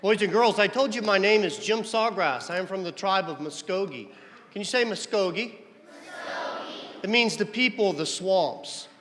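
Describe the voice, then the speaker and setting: A man's voice: sits high, normal speed, a bit bright. A man from Florida giving an educational talk to children, friendly and teasing, asking them questions. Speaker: visiting cultural presenter. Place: large indoor hall. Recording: long hall reverb.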